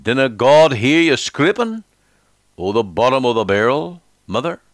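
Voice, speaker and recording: A man voicing a small Scottish boy in a quaint dialect, gently questioning his mother. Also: medium pitch, big pitch swings, moderate pace, dry recording, clean studio sound, voice pushed up. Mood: tender.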